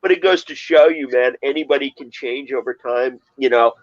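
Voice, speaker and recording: A man's voice: medium pitch, normal speed, muffled recording, a little hiss or hum. A man chatting in a laid-back way, telling a story with frequent "man". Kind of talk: casual chat.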